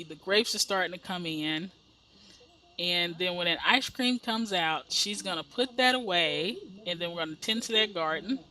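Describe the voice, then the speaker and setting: A woman's voice: fairly low pitch, sharp tone, low-quality recording. A woman from the Midwest chatting in a rambling way while she narrates her life-sim gameplay, acting out the people in her stories. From American Midwest. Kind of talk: casual chat while playing a life-sim game.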